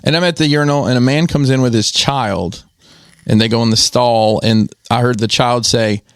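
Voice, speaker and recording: A man co-hosting a casual podcast, telling stories and laughing loudly. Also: mid-range voice, normal speed, no echo, studio quality. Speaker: podcast co-host. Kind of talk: casual banter.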